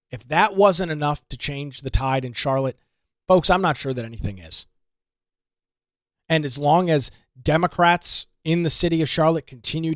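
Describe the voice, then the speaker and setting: A man's voice: on the high side, fairly bright tone, no echo, studio quality. A man hosting a political talk show, delivering an emphatic, indignant monologue with lots of rhetorical repetition. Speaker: radio talk show host.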